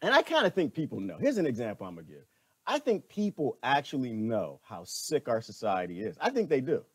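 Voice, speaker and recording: A man delivers a lively, preachy opinion monologue with a wry edge. His pitch rises and falls widely as he talks. The sound is dry and close, with no room around it. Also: a little fast, slightly rough, no echo. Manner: preachy, wry, acts out voices. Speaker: commentator.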